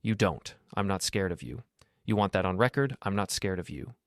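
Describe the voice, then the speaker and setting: A man's voice: sits low, expressive, moderate pace, dry recording, studio quality. A man voicing a panicky, defensive young man who blusters and repeats himself. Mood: rattled. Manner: rattled, repetitive blustering.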